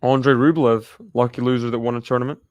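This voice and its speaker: A man's voice: mid-range voice, flat delivery, quick pace, no echo, highs cut off. A man giving chatty live play-by-play commentary on a tennis match, laughing often and cheering the players on.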